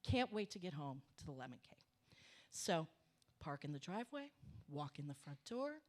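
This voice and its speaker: A middle-aged woman telling a comic story on a cafe stage, animated and emphatic, swearing for punch. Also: low-pitched, moderate pace. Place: small cafe stage before an audience.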